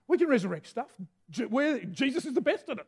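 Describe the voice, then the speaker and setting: A middle-aged man preaching a sermon with energy, shouting out key phrases. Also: very high voice, big pitch swings, fairly quick, husky.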